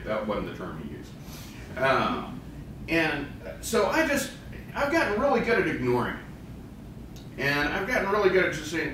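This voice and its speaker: A man telling a client story in a training session, animated and acting out the quoted voices. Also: a little high, normal speed. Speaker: therapist trainer. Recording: echoey room, distant mic, faint noise.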